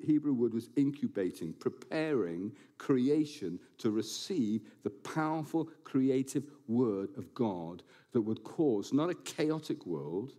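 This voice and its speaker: A man preaching a sermon to his congregation in a church building, animated and quick to slip in jokes and asides. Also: mid-range voice. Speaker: pastor.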